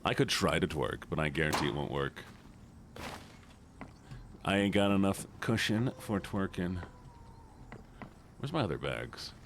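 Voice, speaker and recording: A man's voice: deep voice, animated, measured pace, long pauses, a little hiss or hum. A young man streaming a game, chatting casually and joking with his chat, often slipping into silly voices. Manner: playful, jokey, reacts to chat and breaks into silly voices. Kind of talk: casual gameplay livestream chat.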